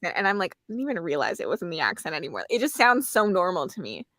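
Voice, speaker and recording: Talkative woman host, bright tone, dry close-miked sound. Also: lowish voice, big pitch swings, rapid-fire, dry recording. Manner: talkative, laughs easily. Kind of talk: casual livestream chat.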